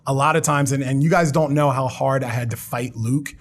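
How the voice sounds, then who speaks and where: A man speaking as a guest on a casual podcast interview, energetic and self-deprecating, talking in quick bursts at a studio mic. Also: mid-range voice. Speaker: podcast guest, marketing advisor. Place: studio around a table.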